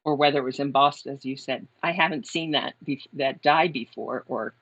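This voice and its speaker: A woman guest on a video call to a crafting show, talking haltingly with many pauses. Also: rumbling low. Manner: hesitant, halting, lots of ums. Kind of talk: casual livestream chat. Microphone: remote video call. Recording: dull lo-fi video call audio.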